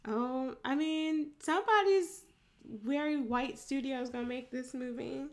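A woman's voice: high voice, a little slow, darkish tone. A young woman co-hosting a podcast in casual chat, blunt and swearing freely, laughing often. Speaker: podcast co-host.

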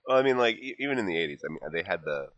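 A man's voice: low voice, animated, rapid-fire, a bit bright, no room sound, lo-fi sound. A man playing a tabletop game, rambling and giggly, his speech full of fillers. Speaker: player. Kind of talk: casual chat.

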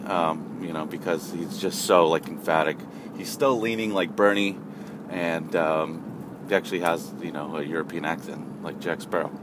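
A man's voice: low voice, normal speed. A man telling a funny story in a casual, rambling way with lots of asides, over traffic noise.

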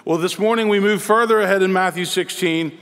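A man preaching a sermon as pastor, earnest and measured, with pauses between phrases. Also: high-pitched, a bit bright. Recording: long reverb in a large hall.

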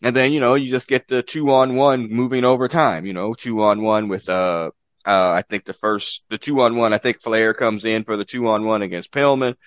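A man's voice: lowish voice, steady tone, moderate pace, no room sound. A man casually recapping an old wrestling event as a podcast co-host, rambling with lots of fillers and swearing.

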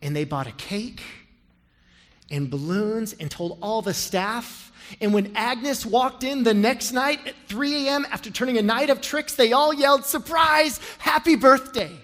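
A man preaching a sermon as pastor, telling a story and leading prayer, building from quiet storytelling to loud impassioned appeals. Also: very high voice, unhurried, long reverb tail. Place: large church sanctuary.

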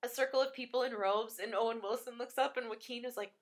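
A woman's voice: high voice, fairly quick, hardly any pauses, pushed and bright. A woman chatting casually about a film, rambling with lots of fillers and laughing often.

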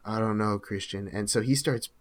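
Young male co-host, low voice, lively anecdotal delivery. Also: moderate pace. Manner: animated storyteller, quoting friends in lowered voice. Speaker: podcast co-host telling a story. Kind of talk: casual storytelling.

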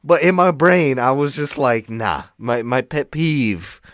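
A man's voice: a little high, unhurried, dry recording, studio quality. A young man, co-hosting a podcast in casual chat, telling stories with lots of fillers and frequent laughs. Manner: animated storytelling, laughs often, many "like" fillers. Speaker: podcast co-host. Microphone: studio microphone.

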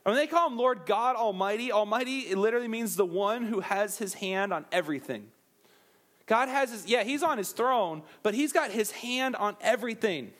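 High-voiced young man preaching casually. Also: animated, moderate pace, a bit bright. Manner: casual, jokey, addresses listeners as guys. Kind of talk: sermon.

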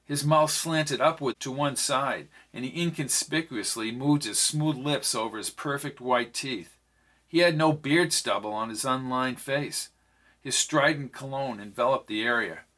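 Reading a novel aloud as an audiobook narrator, a man speaks all the characters' lines in his own voice as scripted narration. He talks a little slowly at medium pitch, with a pushed, bright quality.

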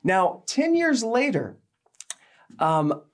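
A woman giving a sermon, telling a personal story with animated delivery and acting out the people in it. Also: mid-range voice, very slow. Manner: animated, acts out quoted people, laughs while telling. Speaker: speaker giving a faith talk.

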